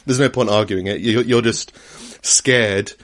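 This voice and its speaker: A man's voice: lowish voice, steady tone, measured pace. A young man chatting casually on a podcast, rambling with restarts and laughing often. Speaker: podcast co-host. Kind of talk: casual chat.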